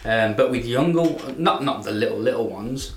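A man, a teacher co-hosting a casual podcast chat, relaxed with wry asides. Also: medium pitch, normal speed, slight background noise. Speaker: English teacher and podcast co-host. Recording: echoey room.

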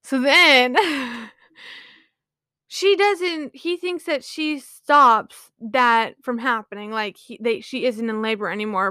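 A woman's voice: a little high, fairly bright tone, no echo, studio quality. A woman casually retelling a myth to her viewers, rambling with lots of "like" and "you know".

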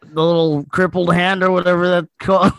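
A man doing a comic impression of a laid-back young male comedian, raspy and halting, full of fillers. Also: high voice, flat delivery, a bit bright, no room sound. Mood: deadpan. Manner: halting, full of "uh" and "you know".

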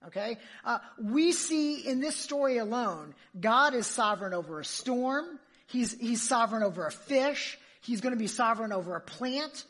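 A woman's voice: a little high, lively intonation, normal speed, few pauses, fairly bright tone. A woman preacher giving an emphatic sermon, full of rhetorical questions to her listeners.

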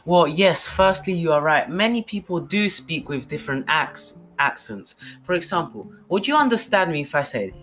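Man, conversation partner, explaining and questioning, animated melody, bright tone, faint music. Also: a little high, normal speed, hardly any pauses. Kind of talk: casual conversation.

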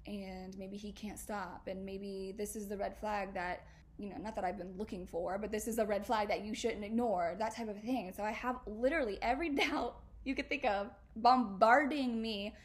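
A woman's voice: mid-range voice, fairly even intonation, moderate pace. A young woman hosting a podcast, chatting confessionally in a casual, slangy way, laughing often and bursting into emphatic exclamations. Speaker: podcast host.

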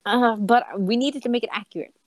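A woman on a group video call, organizing the plans with a bossy, joking manner and quick laughs. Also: a little high. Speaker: organizer of a group parody film. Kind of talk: casual chat on a group call.

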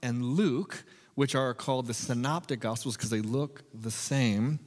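A man preaching a sermon as pastor, telling a self-deprecating story in a relaxed, conversational way before moving into scripture. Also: medium pitch, measured pace, long reverb tail.

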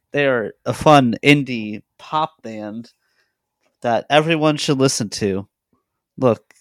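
A man's voice: medium pitch, noisy background. A man from Massachusetts co-hosting a podcast, blunt and jokey, swearing in casual chat. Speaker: podcast co-host.

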